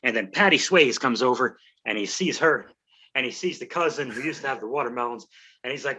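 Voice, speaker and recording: A man's voice: medium pitch, expressive, brisk, bright, forceful tone, husky, rough recording. A man recapping a movie for laughs on a podcast, rambling and profane, tripping over his words and joking at his own expense. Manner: rambling, profane, self-mocking storytelling with stumbling restarts. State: out of breath. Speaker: comedy podcast host.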